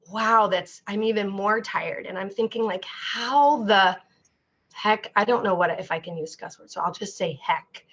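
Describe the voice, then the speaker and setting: A woman's voice: mid-range voice, a bit bright. A woman guest, a therapist, talking openly and at length in a candid interview, full of fillers and restarts. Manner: open and heartfelt, rambling with many fillers. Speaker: guest, mental health therapist. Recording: dull lo-fi sound.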